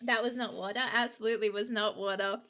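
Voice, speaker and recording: A woman's voice: mid-range voice, fairly even intonation, fast, bright, forceful tone. A young woman chatting casually to her live-stream audience, giggly and emotional. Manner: giggly, emotional, talks to chat.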